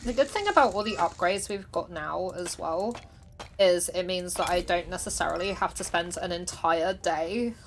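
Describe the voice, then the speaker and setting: A woman's voice: lowish voice, normal speed, slight background noise. A woman streamer chatting casually while she plays, chatty and self-deprecating, laughing often. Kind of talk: casual livestream chat while gaming.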